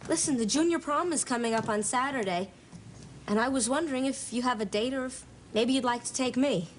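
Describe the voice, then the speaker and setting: A woman's voice: high-pitched, a little fast, close to an everyday voice. An actress playing an awkward teenage girl who talks in dry, self-deprecating quips, in 1980s sitcom style. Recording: noisy old TV sitcom audio.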